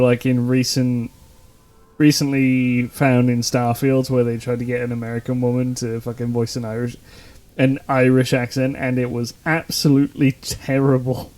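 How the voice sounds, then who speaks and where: Male streamer: relaxed, chatty, mid-pitched. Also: measured pace. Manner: chatty, laughing, offhand. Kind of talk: casual gameplay commentary.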